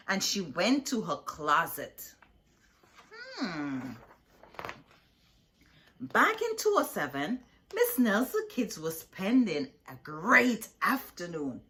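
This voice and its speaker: A woman reading a children's picture book aloud as a storyteller, in an expressive, deliberate way. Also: lowish voice.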